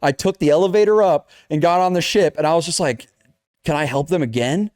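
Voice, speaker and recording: A man's voice: fairly high pitch, fairly quick, dry recording, clean studio sound. A young man co-hosting a casual chat, telling a video game story with lots of swearing and acted-out lines. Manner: animated storytelling, acts out game characters, swears a lot. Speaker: podcast co-host.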